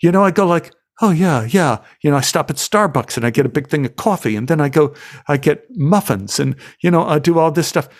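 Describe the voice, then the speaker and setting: A middle-aged American man speaks a little high and at a quick pace. An actor guest on a podcast, he tells stories in an animated interview style, acting out quotes in goofy voices.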